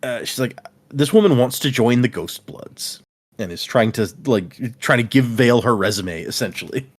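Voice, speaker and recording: A man chatting casually on a podcast, retelling a story with lively swings in pitch. He drops into brief voices for the characters and swears now and then. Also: husky. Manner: animated retelling with quick character asides. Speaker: podcast host recapping a book. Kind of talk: casual chat.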